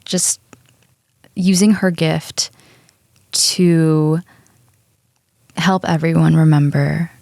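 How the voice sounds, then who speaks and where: A woman's voice: deep voice, steady tone, extremely slow, gravelly, long pauses, warm tone, no echo, clean studio sound. A young woman co-hosting a podcast in casual chat, earnest and gushing as she retells a story. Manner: earnest and gushing, tells stories with quotes. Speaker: podcast co-host.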